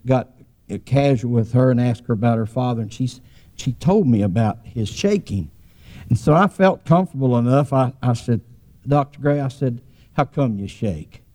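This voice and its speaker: A man's voice: mid-range voice, mellow. A man, preaching a sermon as a folksy, rambling story with frequent restarts.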